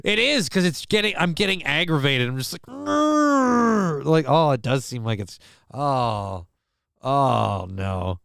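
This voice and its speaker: A male streamer hosts a casual live stream in a bright, sharp-edged, crisp and smooth voice at medium pitch, speaking a little slowly. He rambles, swears freely, and pokes fun at himself. The audio is dry and close-miked, with no room echo.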